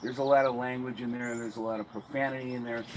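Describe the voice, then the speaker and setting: A man's voice: medium pitch, flat delivery, fast, a little hiss or hum, rough recording. A man telling a long story in casual conversation, rambling and often restarting his sentences.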